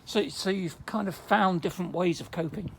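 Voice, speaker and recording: A man interviewing gently, asking short probing questions. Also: sits high, moderate pace, creaky. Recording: noisy, sometimes off-mic.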